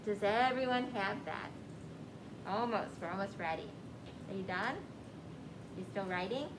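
A woman teacher leading a classroom vocabulary lesson, speaking slowly and patiently and checking on her students. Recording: echoey room with rumbling noise.

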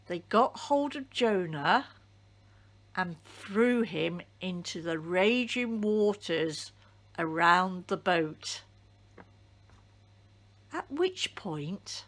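A woman reading a children's Bible story aloud as a church storyteller, deliberate and expressive. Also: medium pitch.

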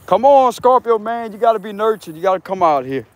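A man's voice: high-pitched, lively intonation, brisk, voice pushed up. A man voicing Mother Nature as a spirit, coaxing him out into the woods in a raised, put-on voice.

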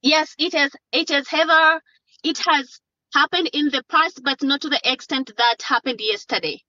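A woman speaking to a court from inside a car, her high, bright voice coming through dull, lo-fi call audio. She pleads haltingly and restarts her sentences often. The sound is close and dry. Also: no room sound. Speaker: witness and mother in a court hearing. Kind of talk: courtroom testimony by video call.

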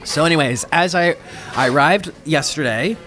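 This mukbang vlogger talks casually into his own microphone while eating on camera, telling a rambling, chatty, dramatic story and interrupting himself. His voice is a little high, bright, and forceful, at a moderate pace.

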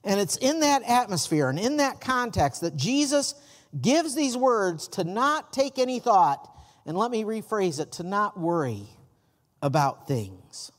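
A man preaching in a church, his pitch rising and falling a great deal as he tells folksy stories. The sound has a long, hall-like reverb. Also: sing-song, a little slow. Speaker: pastor. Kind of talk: sermon. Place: church sanctuary.

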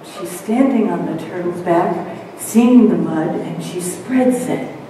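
A woman minister telling a story in a sermon, slowly and dramatically. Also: on the low side, noisy background. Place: church sanctuary. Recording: echoey church hall, mic far off.

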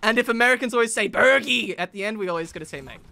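A young Australian man chatting playfully while playing a game, excitable and teasing. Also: high voice, very fast, gravelly. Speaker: streamer. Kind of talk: casual gaming chat.

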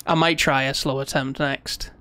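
Guy streaming a game, gets frustrated and swears a lot, talks himself down, clean clear voice, mid pitch. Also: little pitch movement, normal speed, bright, forceful tone. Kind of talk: live gameplay commentary.

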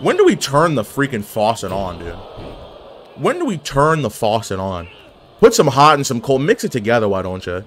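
A man at a mid pitch talks over his own online wrestling match, hyping himself up and trash-talking his opponent. He jokes and swears freely and throws in wrestling slang. A faint hum of noise sits behind his voice. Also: huge pitch swings, normal speed, a bit bright. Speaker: gaming video creator.

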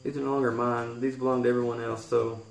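Man in his 30s, Kentucky accent, gravelly, earnest and rambling, roomy echo, faint guitar behind. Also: mid-range voice, level tone, fast talker. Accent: Kentucky Southern American. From Kentucky, USA. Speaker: YouTuber. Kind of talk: poetry reading and heartfelt vlog talk.

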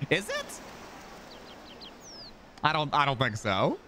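A young man with a Canadian accent chats on a gaming stream, his voice sitting a little high. He breaks into giggles often as he talks. A faint hiss of noise sits under the recording. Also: wildly swooping pitch, slow pace, bright, forceful tone. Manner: giggly, laughs often mid-sentence. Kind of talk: casual gaming stream chat.

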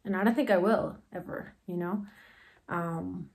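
Heartfelt rambling woman, lower voice. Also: unhurried, creaky, darkish tone. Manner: heartfelt, rambling, many fillers like "you know" and "like". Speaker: guest telling her story. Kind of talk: emotional personal storytelling.

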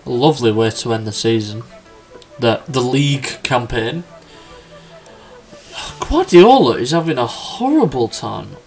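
A young man casually commenting on a football management game, chatty and excitable. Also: mid-range voice. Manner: chatty, excitable, quick laughs and exclamations. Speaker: gaming YouTuber. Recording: faint background music.

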